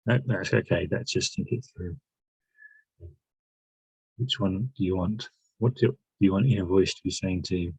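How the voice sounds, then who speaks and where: A man leads a guided self-help session, posing one reflective question after another and often pausing to restart his sentences. His voice is husky and lowish, and he speaks very unhurriedly. The sound is close and dry. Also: darkish tone, dry recording, low-quality recording. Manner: reflective, asks many questions, pauses and restarts. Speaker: workshop leader.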